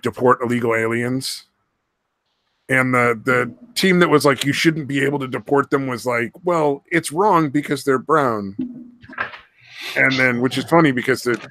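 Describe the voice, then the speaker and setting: A man chatting loosely on a podcast, swearing freely and wandering off mid-thought. His voice is bright and forward, recorded close and dry with no room sound. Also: mid-range voice, no echo. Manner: profane, rambling, loses his train of thought. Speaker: podcast co-host. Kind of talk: casual podcast banter.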